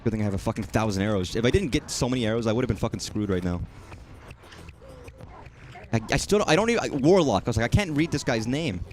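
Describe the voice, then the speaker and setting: A young man streaming a game, swearing freely and talking excitedly to himself as he plays. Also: on the low side, quick pace, long pauses, a little hiss or hum. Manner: profane, excitable, talks to himself while playing. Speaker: gaming streamer. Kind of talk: live gameplay commentary.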